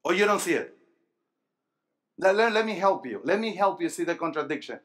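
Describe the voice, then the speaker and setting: A man preaching a sermon to young people, asking the congregation questions and calling for answers, moving between low, quiet stretches and loud emphatic bursts. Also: big pitch swings, normal speed. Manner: call-and-response, asking the crowd questions. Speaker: pastor. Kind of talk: sermon to a youth rally.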